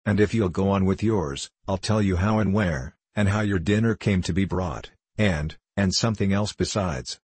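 A man voicing a bright young woman who speaks gently and affectionately to her father. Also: low-pitched, normal speed, hardly any pauses, slightly rough, no echo.

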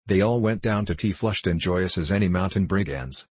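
A man narrating a classic children's story in a measured storytelling manner. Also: sits low, darkish tone, husky, dry recording. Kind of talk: audiobook narration.

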